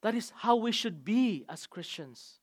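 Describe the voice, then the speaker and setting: A man as pastor preaching a sermon, emphatic, with sudden swings between loud and soft. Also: sits high, lively intonation, measured pace.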